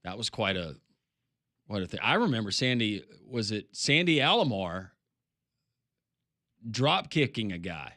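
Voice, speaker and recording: A man co-hosting a sports radio show in a studio, relaxed and reading listener texts aloud. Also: on the low side, unhurried, pauses often, no room sound.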